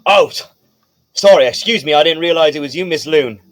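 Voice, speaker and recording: A man's voice: a little high, fairly quick, voice pushed up, close to an everyday voice. A man voicing a flustered, polite male casino guard.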